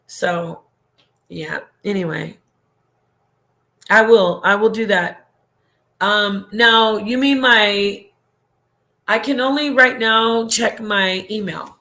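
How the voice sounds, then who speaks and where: A woman chats casually on her livestream in a voice of ordinary pitch for a woman. She rambles and gets emotional, laughing and restarting as she reads comments and answers them. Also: slow, long pauses, sharp tone. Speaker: livestream host reading viewer comments.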